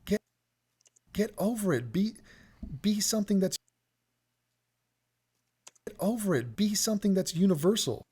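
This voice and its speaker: Mellow-voiced male commentator. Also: sits high, expressive, unhurried, long pauses, husky. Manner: reasoning aloud, restarts, mock quotes. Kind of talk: reaction commentary.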